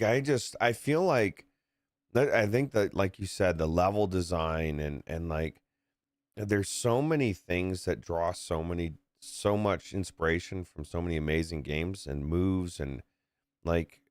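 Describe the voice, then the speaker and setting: A very deep-voiced man co-hosting a casual game review podcast. He stammers and repeats words as he chats. The sound is dry and close. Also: no echo. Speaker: podcast co-host.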